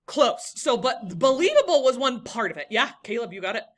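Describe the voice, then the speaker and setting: A woman's voice: on the high side, very animated, fairly quick. A young woman teaching a classroom lesson, encouraging and talking to students by name.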